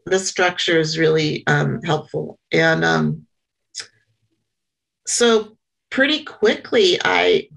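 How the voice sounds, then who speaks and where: Halting, earnest woman with a gravelly low voice. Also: a bit bright, rough recording. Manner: halting and earnest, many pauses and restarts. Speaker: member sharing at a support meeting. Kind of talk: personal share at a small meeting.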